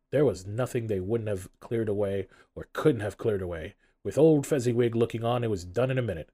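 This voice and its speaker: A man narrating a classic novel aloud in an expressive, storytelling manner. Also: lowish voice, a little fast, hardly any pauses. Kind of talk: audiobook narration.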